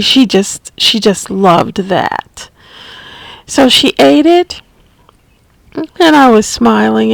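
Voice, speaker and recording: A woman telling a personal story as a caregiver, unscripted, halting and restarting often. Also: medium pitch, vocal fry, no echo. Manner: halting, with frequent restarts and soft asides. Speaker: family caregiver sharing memories.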